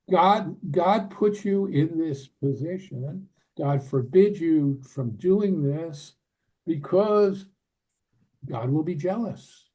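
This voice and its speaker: An older man teaches in an unhurried, conversational way, with asides and soft laughs. His voice is husky, mellow and somewhat high. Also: low-quality recording. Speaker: Torah teacher. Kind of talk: conversational Bible lesson.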